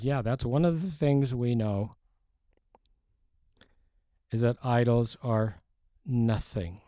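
Walking his listeners through a Bible passage, this male pastor preaches like he's telling a story in conversation. His medium-pitched voice has a warm tone with no echo, captured in muffled, lo-fi audio.

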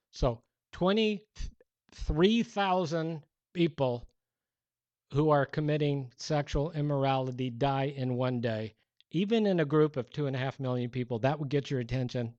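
A man preaching a sermon as a pastor, conversational and animated, acting out the people he quotes. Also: medium pitch, dry recording, lo-fi sound.

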